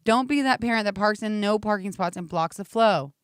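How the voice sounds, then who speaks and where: Woman, radio morning co-host, casual banter, smooth clean voice, dry studio sound. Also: medium pitch, no room sound. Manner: chatty, self-deprecating, quick asides. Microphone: studio microphone.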